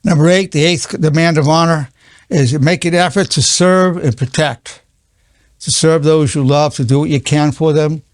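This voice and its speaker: A man's voice: fairly high pitch, steady tone, normal speed, dry recording, clean studio sound. A man in his eighties, a psychologist giving an earnest spoken lesson, repeating key phrases with stammering restarts. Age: 80s.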